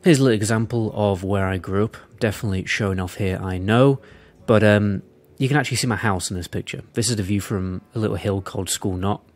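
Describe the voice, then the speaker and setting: Casual video host, male, South Cumbrian accent, fairly low, rambling and self-deprecating. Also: quick pace, hardly any pauses. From Windermere, northern England. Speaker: video creator.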